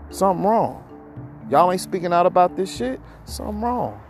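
A man rants on his podcast in a rough, gravelly voice, cursing freely as his thoughts tumble out. He sounds a little short of breath as he vents, and faint music plays in the background. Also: high voice, big pitch swings, moderate pace, a little mellow. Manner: profane, heated, rambling. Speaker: podcast host. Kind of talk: ranting monologue.

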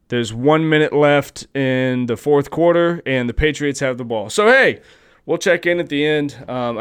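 A man's voice: medium pitch, smooth. A man hosting a podcast, talking casually and profanely about sports with strong opinions. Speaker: podcast host.

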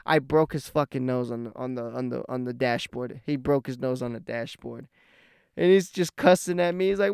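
A man's voice: medium pitch, moderate pace, creaky, a little mellow, clean tone, dry recording, clean studio sound. A young man vlogging, telling a casual story in a rambling, profane way.

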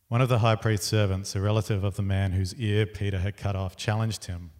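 A man reading scripture aloud in a plain, unhurried way. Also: on the low side, level tone, a little mellow. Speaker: scripture reader.

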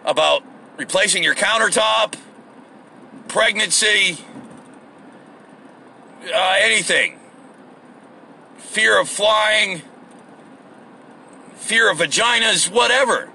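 A man's voice: sits high, slow, creaky, long pauses, bright, forceful tone, slight background noise. A man hosting a rambling solo podcast from his car on the way to work, profane and self-deprecating. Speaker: podcast host.

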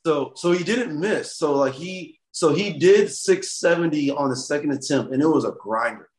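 A man's voice: a little high, normal speed. Guy on a podcast, laid back, says like a lot, kinda echoey room. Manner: relaxed, filler-heavy, lots of "like". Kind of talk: casual podcast chat.

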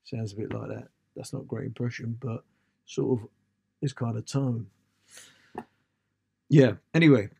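Casting: British male comic with a gravelly, creaky voice for a dry, close podcast rant. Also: mid-range voice, steady tone, a little slow, long pauses, a little mellow, no room sound. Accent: British English. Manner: ranting, slangy and swearing. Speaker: podcast host, stand-up comedian. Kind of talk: comedic podcast monologue.

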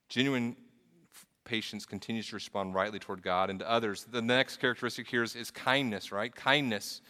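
A man delivers a sermon in an earnest, storytelling way, often restarting his phrases and repeating words. His voice is bright and forceful. It rings out with the long reverb of a large hall. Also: on the low side, fairly even intonation, fairly quick. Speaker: pastor.

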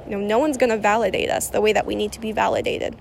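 A woman's voice: mid-range voice, steady tone, fast, gravelly, a little hiss or hum. A young woman rambling casually about spiritual energy and self-healing, with lots of fillers and restarts.

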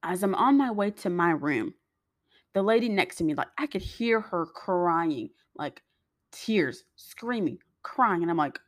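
A woman's voice: fairly low pitch, animated, measured pace, no echo, studio quality. A young woman telling a personal story to her viewers in a chatty, rambling way, acting out the voices of the people in it. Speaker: vlogger.

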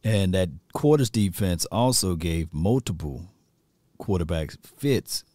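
A lower-pitched man hosts a casual sports talk show, rambling loosely through his points. The recording is close and dry, with no room sound. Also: animated, takes it slowly, mellow, no echo. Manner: rambling, loose, full of fillers and restarts. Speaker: show host.

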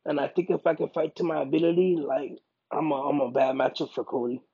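A man's voice: a little high, a little fast, husky, no room sound, dull audio. A man, a fighter being interviewed, talking casually and emphatically, repeating his points. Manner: emphatic, repeats himself, bursts into loud excited quoting.

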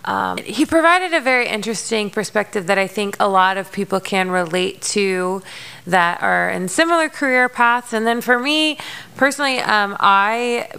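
Young female podcast host; candid, swears a lot, gravelly fry in a smooth voice. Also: mid-range voice, lively intonation, normal speed, sharp tone. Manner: frank and emotional, swears freely, many fillers. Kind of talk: candid personal monologue.

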